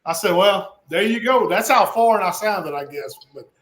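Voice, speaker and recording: A man's voice: high voice, normal speed. A man in his forties with a South Louisiana Cajun accent, hosting a casual podcast chat and telling stories with lots of laughter. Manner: animated storyteller, laughs often. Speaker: podcast host. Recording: echoey room.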